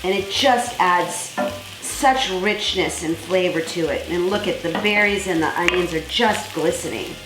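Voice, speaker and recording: A woman's voice: fairly low pitch, measured pace, reverberant. A woman hosting a cooking demonstration in a kitchen, talking viewers through each step in an effusive, enthusiastic, chatty way. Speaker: cooking show host.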